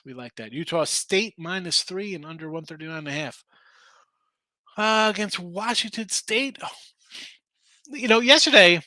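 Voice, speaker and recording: On his sports betting live stream, a man speaks in a sharp, higher-than-average voice, captured in a dry recording. He keeps things loose, reads viewers' comments, talks right to the chat, and goes off ranting.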